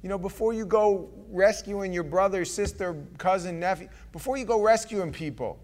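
A man preaching a sermon as pastor, earnest and pleading, dropping from loud passages to hushed ones. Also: high voice, normal speed.

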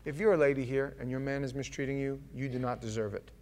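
A man's voice: mid-range voice, fairly even intonation, quick pace, a little mellow. A man preaching a sermon, joking and acting out the scripture with voices. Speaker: pastor.

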